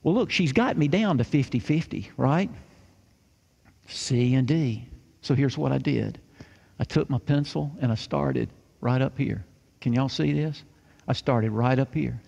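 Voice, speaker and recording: A man's voice: mid-range voice, a little slow, vocal fry, mellow, lo-fi sound. A man telling a childhood story to a live audience, folksy and fond of repeating key phrases. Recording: reverberant hall sound.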